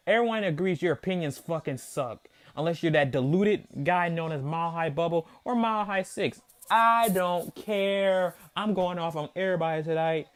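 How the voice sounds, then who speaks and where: A man hosting a sports reaction video, ranting in heated, profane disbelief and repeating himself for emphasis. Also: fairly high pitch. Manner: mocking, disbelieving. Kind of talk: angry fan reaction rant.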